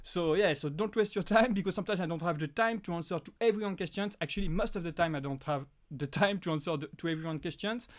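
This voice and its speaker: A man from France with a French accent, whose first language is French, hosting a casual live Q&A and talking in halting bursts full of restarts. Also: fairly high pitch. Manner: halting, frequent restarts and fillers. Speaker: live stream host.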